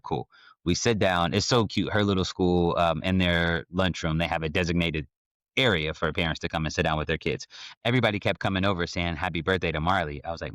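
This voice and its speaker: A man hosting a podcast, telling a casual, animated story about his kids with slangy asides to listeners. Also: deep voice, no echo. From Ohio. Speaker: podcast host.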